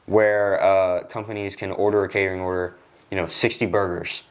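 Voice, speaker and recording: A young man hosting a podcast in a studio, telling a casual work story and acting out the people in it with sudden jumps in his voice. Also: moderate pace. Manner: animated, acts out quoted lines with jumps in pitch. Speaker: podcast host.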